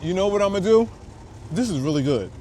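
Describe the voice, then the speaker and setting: A man's voice: high voice, animated, fast, warm tone. A man hosting a casual food review vlog, chatting to viewers in laid-back slang outdoors on a windy city street. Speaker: food vlogger host.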